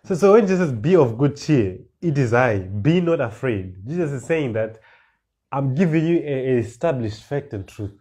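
Mellow-voiced man preaching a sermon. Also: mid-range voice, expressive, husky. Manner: reads verses slowly, then explains with rising emphasis and repeated words. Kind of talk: sermon, reading and explaining scripture.

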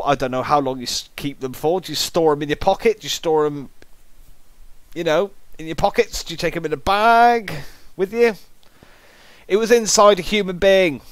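A man's voice: a little high, no echo. A man giving comic, exasperated reaction commentary, jokingly disgusted and theatrical.

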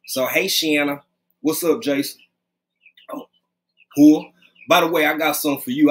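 A man hosting a casual live stream, greeting viewers by name in a loose, conversational way, talking close to his webcam at home. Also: mid-range voice. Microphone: webcam, leaning close.

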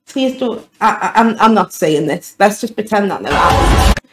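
A woman's voice: medium pitch, animated, a little fast, roomy sound, background noise. A young woman giving an emotional, gushing reaction to a film trailer, stumbling over her words as a YouTube vlogger. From United Kingdom.

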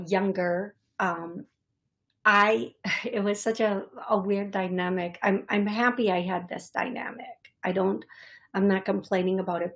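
During a live-stream reading, a young woman running a psychic medium show passes messages on to her viewers. She speaks at medium pitch, haltingly, repeating herself and using lots of fillers.

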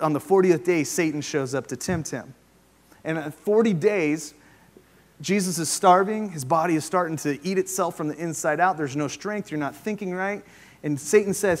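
A man preaching a sermon, moving between loud emphasis and hushed, quiet passages as he retells a scripture story. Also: fairly high pitch. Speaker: pastor. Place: church sanctuary.

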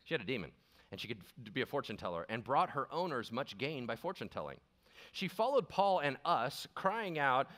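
Animated joking male pastor. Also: a little high, normal speed. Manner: animated and joking, acting out characters. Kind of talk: sermon. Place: church sanctuary.

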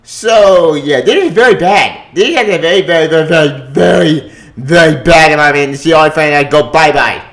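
A gaming vlogger delivers an angry, profane solo rant. He stumbles, repeats himself and keeps circling back to his complaint. His voice sits slightly high and rings in an echoey room. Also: fairly bright tone. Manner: profane, agitated, repetitive, halting.

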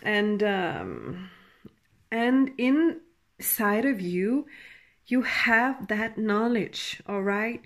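A woman giving a tarot reading in a halting, emotional way, with sighs and soft laughs. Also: medium pitch. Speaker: tarot reader.

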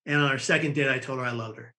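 A man from the United States, a podcast guest, telling a lively anecdote and acting out the people in it. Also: medium pitch, rapid-fire. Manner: lively, acts out the people in his story. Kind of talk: animated storytelling.

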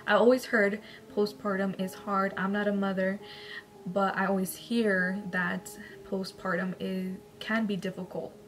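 A woman's voice: mid-range voice, little pitch movement, a little slow. A woman YouTuber reading viewer-sent paranormal stories aloud, breaking off into emotional, chatty asides with tearful laughter. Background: soft background music.

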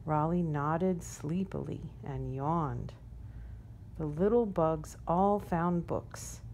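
A woman reading a children's picture book aloud in a gentle, unhurried storytelling manner. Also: deep voice, slight background noise. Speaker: storybook reader.

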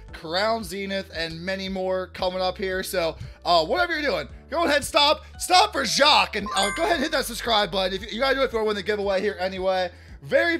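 High-voiced chatty man opening card packs. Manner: chatty, hypes big pulls loudly, self-correcting restarts. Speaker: card-opening channel host. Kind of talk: casual card-opening vlog.

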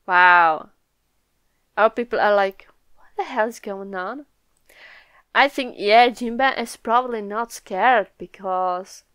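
A young woman hosting a live comic reaction video, excitable and laughing often, swearing freely. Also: mid-range voice, clear, resonant tone, dry recording. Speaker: manga reaction video host.

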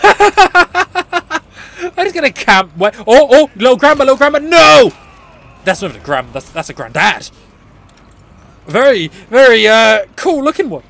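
A man narrates his own gameplay in a high, lively voice, veering from shouts and curses to quick, chatty asides. He laughs easily and talks straight to his viewers. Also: vocal fry. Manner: excitable, yelling and swearing at the game. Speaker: gaming channel host. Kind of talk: let's play commentary.

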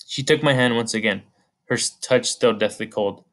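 A man narrating an audiobook chapter in a measured storytelling manner. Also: mid-range voice, a bit bright. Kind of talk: scripted narration.

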